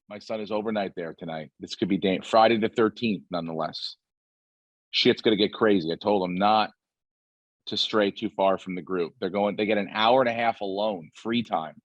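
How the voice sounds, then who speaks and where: A man's voice: on the low side, dry recording, highs cut off. A man in his forties hosting a podcast, telling rambling, profanity-laced stories in a casual chat. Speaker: podcast host.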